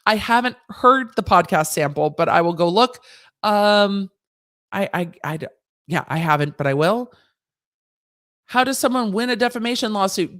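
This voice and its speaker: A woman's voice: medium pitch, animated, moderate pace, fairly bright tone. Woman host, casual legal Q&A stream, chatty and sassy, mid-range voice. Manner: chatty, conversational, with frequent restarts and asides; breezy and sassy, mixing slang into legal talk. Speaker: legal commentary livestream host. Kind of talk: casual livestream Q&A, answering viewer chat.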